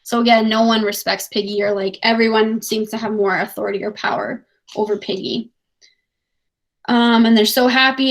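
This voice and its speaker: Chatty, higher-voiced woman teacher. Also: little pitch movement, normal speed. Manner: casual, chatty, many "like" fillers. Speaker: English teacher. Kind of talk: reading and explaining a novel to students.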